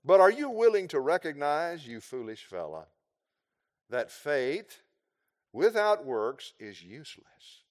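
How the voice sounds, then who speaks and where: A man preaching a sermon, explaining scripture verse by verse with emphatic, drawn-out phrases. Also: on the high side, big pitch swings, long reverb tail.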